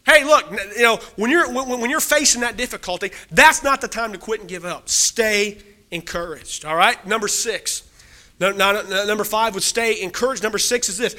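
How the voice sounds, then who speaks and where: A man preaching a sermon, talking to the congregation and swinging between loud exhortation and quiet scripture reading. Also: high-pitched, fairly quick.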